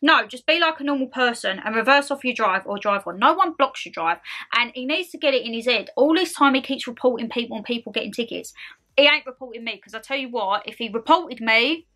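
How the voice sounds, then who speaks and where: A young woman ranting to her vlog camera at home, animated and exasperated, full of slangy asides. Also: a little high, fairly quick. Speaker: vlogger. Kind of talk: casual ranting chat to camera.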